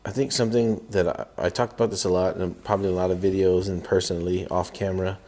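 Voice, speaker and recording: Deep, mellow-voiced man telling lively stories. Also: quick pace. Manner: animated storyteller who acts out his own inner voice. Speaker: podcast co-host. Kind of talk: casual podcast conversation.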